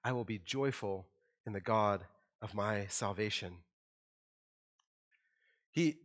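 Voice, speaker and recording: A middle-aged man delivering a sermon from a church stage. His voice sits in an ordinary middle pitch, and he talks to the congregation in a conversational way. He leans into the quoted lines and acts them out with rising emphasis. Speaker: pastor.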